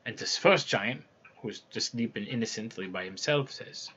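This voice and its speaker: Fairly low in pitch yet pushed and bright, with a slightly rough edge, this man speaks at a normal speed as he casually narrates a fairy tale. He keeps it informal and starts over at points, and the recording is dull and lo-fi.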